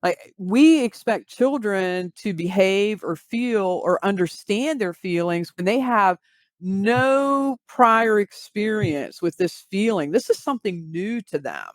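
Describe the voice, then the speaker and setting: A woman speaks as a grief recovery specialist in an interview, laying things out in a measured way with everyday examples. Her voice sits at a middle pitch. The sound is dry and close, with no room echo. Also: expressive. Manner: measured, uses vivid examples. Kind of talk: explanatory interview talk.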